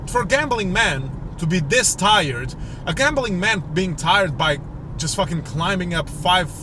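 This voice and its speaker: On a comedy podcast, a young man from Portugal whose first language is Portuguese rants through a meandering, swear-filled story in frustration. His high voice is animated but unhurried, with background noise audible.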